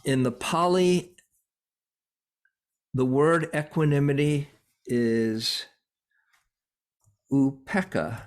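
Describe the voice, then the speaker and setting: A man giving a Buddhist dharma talk as a meditation teacher, reflective and unhurried, pausing often with soft fillers. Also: mid-range voice.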